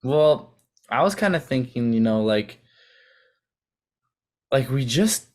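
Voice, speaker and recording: A man's voice: mid-range voice, animated, slow pace, darkish tone. A young man co-hosting a podcast, chatting about a movie in an easygoing, hesitant way full of fillers. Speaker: podcast co-host. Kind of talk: casual movie debate.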